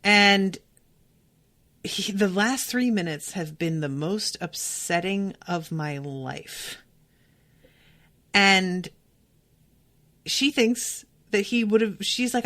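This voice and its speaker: A woman's voice: medium pitch, slow, long pauses. A woman hosting a podcast, recapping a TV episode in a casual, emphatic way, swearing freely and talking straight to her listeners. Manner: animated, emphatic, talks to listeners directly. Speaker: podcast host.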